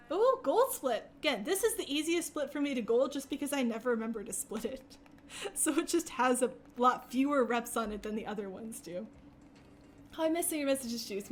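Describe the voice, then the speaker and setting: Casting: young adult woman, high voice, rambling streamer chat full of laughs. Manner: chatty and rambling, laughs often, many fillers. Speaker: speedrunner streaming a game. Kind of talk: casual chat while playing.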